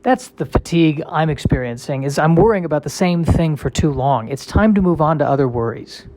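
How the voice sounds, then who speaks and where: A man's voice: a little high, lively intonation, fairly quick, a little mellow. A male comedian in a casual solo monologue, rambling and self-deprecating with a wry tone.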